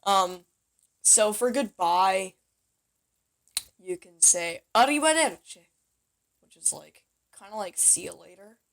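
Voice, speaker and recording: A woman's voice: mid-range voice, steady tone, slow pace, pauses often. Chatty woman teaching casually. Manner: chatty, self-correcting, playful. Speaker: language teacher. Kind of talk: casual home-made lesson.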